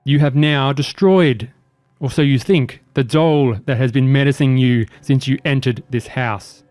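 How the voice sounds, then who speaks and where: A man running a tabletop game as dungeon master, giving calm, matter-of-fact rulings and narration. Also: medium pitch, measured pace, no echo, soft background music.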